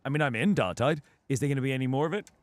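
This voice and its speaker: A man's voice: mid-range voice, rapid-fire, dry recording. A British man, a voice actor guest, talking earnestly and casually on a livestream. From Britain. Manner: earnest, animated, drifting into character voices. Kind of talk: casual chat. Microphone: studio condenser.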